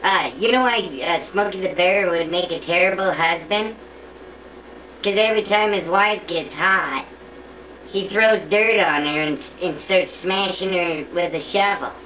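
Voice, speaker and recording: A woman telling a string of jokes in a casual, halting way, often repeating words and restarting sentences. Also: fairly low pitch, a bit bright, poor audio. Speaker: joke teller. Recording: faint background noise.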